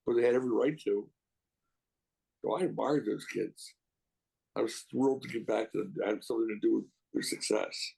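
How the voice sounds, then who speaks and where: A man's voice: on the low side, brisk, vocal fry, long pauses, warm tone, slightly rough, rough recording. A middle-aged man, a guest reminiscing in a casual interview, rambling and emotional with many restarts.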